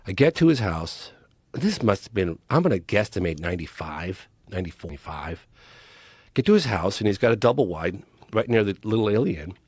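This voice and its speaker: Fairly quick and slightly rough, this documentary filmmaker's darkish voice makes big pitch swings as he tells a long personal story as a podcast guest. He's casual and emphatic, with frequent restarts and repeated words. The sound is close and dry, without any room sound.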